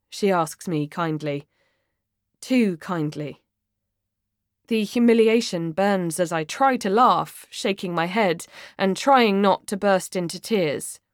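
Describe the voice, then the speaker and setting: A woman narrating a first-person audiobook with expressive, dramatic delivery. She reads at an unhurried pace. The studio mic is close and completely dry. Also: fairly low pitch, no room sound.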